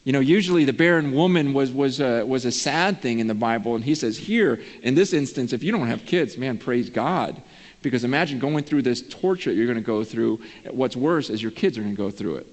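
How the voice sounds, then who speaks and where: A man's voice: medium pitch, expressive, fairly quick. Pastor, man, earnest conversational sermon delivery, long church-hall reverb. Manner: earnest, conversational preaching, often says "man". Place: church sanctuary.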